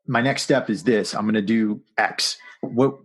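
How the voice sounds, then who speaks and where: Husky-voiced male podcast host. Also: fairly low pitch, unhurried. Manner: probing follow-up questions. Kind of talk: interviewing.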